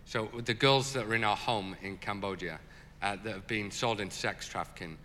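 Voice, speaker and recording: A man's voice: fairly low pitch, moderate pace, a little hiss or hum. Man telling a story in a big echoing hall. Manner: animated, lots of fillers, laughs as he tells it. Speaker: charity leader. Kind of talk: storytelling in an interview.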